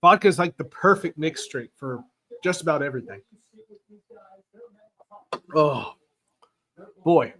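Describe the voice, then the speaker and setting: A man hosting a casual live football chat, rambling and excitable, reading viewer comments aloud, his throat raw from cheering. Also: fairly high pitch, a little slow, long pauses, slight background noise. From Tennessee. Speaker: podcast host.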